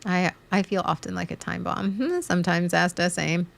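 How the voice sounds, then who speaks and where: A woman with a somewhat low voice talks through her feelings on a live stream. She rambles in a halting way, often restarting sentences and laughing as she goes. She sounds like she is in her thirties. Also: vocal fry.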